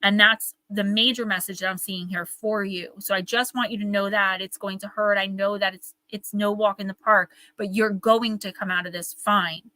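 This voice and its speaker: A woman's voice: medium pitch, fairly even intonation, moderate pace, few pauses, sharp tone, no echo, poor audio. A young woman hosting a live oracle card reading, talking in a rambling, earnest, emotional way. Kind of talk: live-stream card reading, casual chat. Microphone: live-stream microphone.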